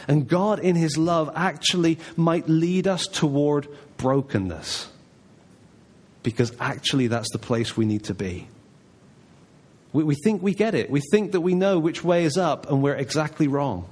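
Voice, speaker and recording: A man's voice: a little high, expressive, a little slow. Man preaching a conversational sermon. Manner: conversational, emphatic, voices God's replies softly.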